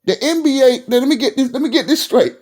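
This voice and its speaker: A man from Virginia ranting in a sports vlog, fired up and repeating himself, sometimes dropping low and emotional. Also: brisk, a little mellow. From Virginia, USA. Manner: fired-up and repetitive, stumbles over restarts; drops low and emotional at times. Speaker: sports commentary vlogger.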